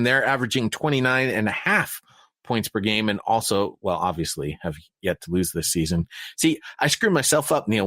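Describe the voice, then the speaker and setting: A man's voice: fairly bright tone, no echo. An American man hosting a casual sports podcast, joking around and reading stats off a sheet. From United States. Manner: jokey, reads stats off a sheet, often trails off lower. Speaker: podcast host.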